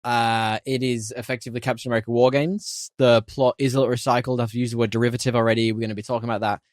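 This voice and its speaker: Animated man reviewing a film. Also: mid-range voice, rapid-fire, no room sound, clean studio sound. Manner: animated, opinionated, laughs often. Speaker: podcast host. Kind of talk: casual film review chat.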